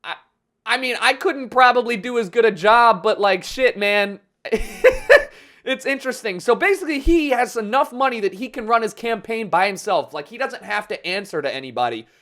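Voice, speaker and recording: A man's voice: high voice, animated, normal speed, bright, forceful tone. A young man ranting casually and sarcastically about politics, swearing often and rambling. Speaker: vlogger.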